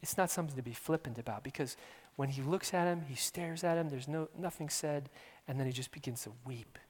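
A man preaching an earnest sermon, repeating his words and shifting between hushed near-whispers and loud emphasis. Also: on the high side, fairly quick. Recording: long hall reverb.

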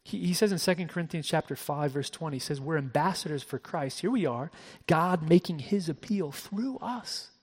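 A man preaching a sermon as pastor, shifting between soft hushed passages and raised emphatic ones, often repeating words as he restarts. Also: fairly high pitch, animated, moderate pace, hardly any pauses, husky, big-room sound. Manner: frequent word repeats and restarts.

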